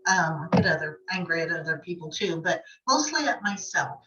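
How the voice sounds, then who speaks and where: A woman's voice: lowish voice, animated, brisk, pushed and bright, slight background noise. A woman in a class discussion, sharing hesitantly with many fillers and self-deprecating asides. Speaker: class participant. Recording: distant, muffled call-in audio.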